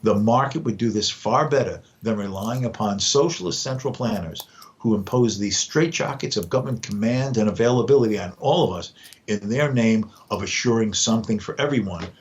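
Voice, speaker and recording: A male professor, a guest on a podcast discussion, with a fairly low voice. He speaks in a measured, lecturing way and sometimes stumbles and restarts mid-phrase.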